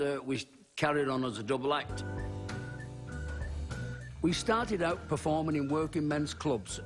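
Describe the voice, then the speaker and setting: A man narrating his comedy career in a plain, wry tone. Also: medium pitch. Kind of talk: documentary narration.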